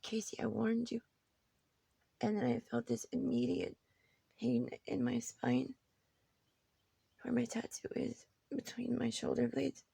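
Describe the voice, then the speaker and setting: Woman, very husky and creaky, short of breath, halting speech slipping into whispers, dry close phone sound. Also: a little high, a little mellow, no room sound. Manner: halting, repeating herself, often dropping to a whisper. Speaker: person recording a video message. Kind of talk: personal video message to family. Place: her room at home.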